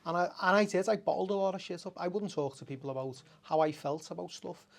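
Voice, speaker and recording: A man's voice: high voice, fast, gravelly. A middle-aged man, a café owner speaking candidly as a podcast guest, raw and emotional, swearing often and breaking off to restart his sentences. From Liverpool, England. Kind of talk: candid conversational storytelling.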